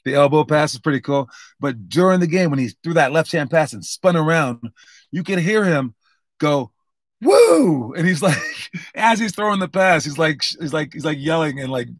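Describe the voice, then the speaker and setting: A man's voice: a little high, lively intonation, normal speed, no echo, studio quality. A young man coaching basketball drills in a casual, rambling, upbeat way, full of fillers and restarts. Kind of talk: casual instructional talk.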